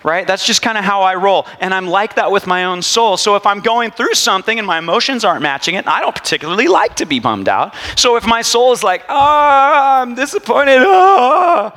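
Lively conversational male pastor, high bright voice, long reverb of a church hall. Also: quick pace, few pauses. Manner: animated, conversational preaching. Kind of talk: sermon.

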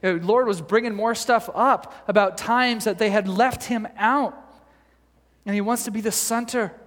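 With a long reverb tail behind him, a male pastor in a high voice preaches at a moderate pace. His animated storytelling is peppered with fillers and restarts, and he jokes softly with the congregation.

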